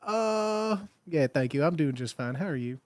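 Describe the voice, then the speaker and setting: A man voicing a flustered, polite grown man with a Southern American accent, stumbling over a fast-food order. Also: on the high side, animated, no room sound, close to an everyday voice. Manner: hesitant, stumbling over menu words.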